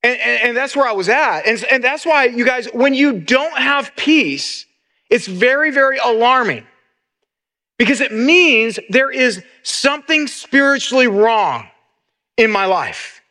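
Pastor, middle-aged man, earnest sermon delivery, high bright voice. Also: lively intonation, a little slow. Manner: earnest, repeats words as he restarts.

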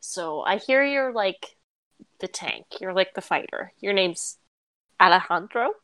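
A woman's voice: medium pitch, animated, a little slow, fairly bright tone, a little hiss or hum, rough recording. A woman voicing a scrawny thirteen-year-old boy who tries hard to seem powerful, speaking in an eager, stiffly formal way. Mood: earnest.

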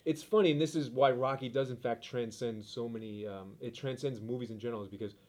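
A man's voice: medium pitch, fast talker. A man with a New York accent, talking casually and with enthusiasm as a podcast co-host discussing a movie. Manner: animated, enthusiastic, repeats himself.

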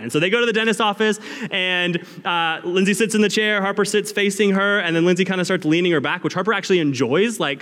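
A young man preaching a sermon as a pastor, telling a family story and sometimes shouting quoted cries. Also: a little high. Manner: storytelling, rising to loud acted cries. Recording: long reverb of a large hall.

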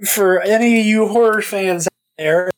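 A man's voice: sits high, moderate pace. A man hosting a podcast in casual chat, rambling and stammering, swearing now and then. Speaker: podcast host.

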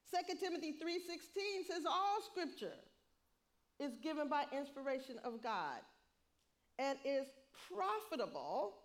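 Animated, high-voiced woman preaching. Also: a little slow. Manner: lively, laughs often, acts out quotes. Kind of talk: sermon.

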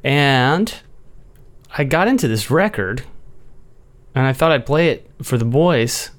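A man's voice: mid-range voice, expressive, slow pace. A man from Washington, D.C., hosting a podcast in casual chat, joking and laughing often as he talks. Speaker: podcast host.

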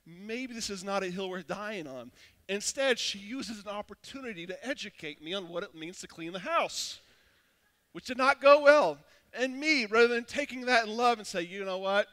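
A man in his thirties preaching a sermon, casual and animated, telling a personal story with frequent restarts. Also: high-pitched, moderate pace. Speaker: pastor.

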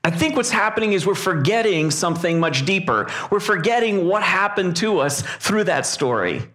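A male pastor preaching a sermon in a reflective way, pausing often with fillers. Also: high-pitched, animated, fairly bright tone.

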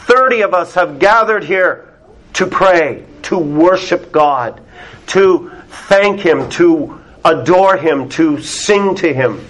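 A man preaching a sermon to a small church congregation, deliberate and emphatic, dropping very soft on key words. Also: a little high, animated.

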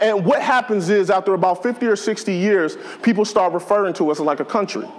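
A man preaching with a fairly high voice for a man, his tone bouncing up and down as he jokes and builds his points. He talks to the congregation like old friends, casual and lively. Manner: conversational, joking, animated preaching. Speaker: pastor. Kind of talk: sermon.

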